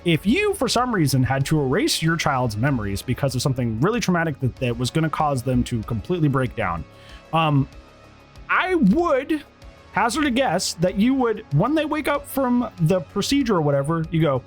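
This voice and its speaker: A man giving a casual, rambling review of a TV episode, animated and acting out bits of dialogue. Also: on the high side, moderate pace, soft background music. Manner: animated, rambling, acts out quotes. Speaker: TV show reviewer.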